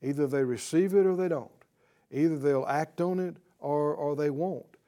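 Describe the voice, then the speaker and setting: A middle-aged man preaching a Bible teaching sermon in an earnest, deliberate way, asking his listeners rhetorical questions. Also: a little high, warm tone.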